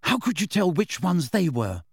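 A man's voice: high voice, big pitch swings, normal speed, husky, no echo, studio quality, pitched above the performer's own voice, full character voice. A man voicing a plain-spoken teenage boy who asks blunt, wondering questions in an audiobook reading. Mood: curious.

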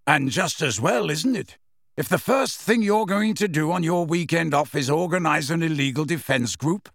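A man voicing a wry, teasing grown man in an audiobook reading, delivered with lively intonation. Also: on the high side, moderate pace, gravelly, no echo, clean studio sound, pitched above the performer's own voice. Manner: teasing, self-assured.

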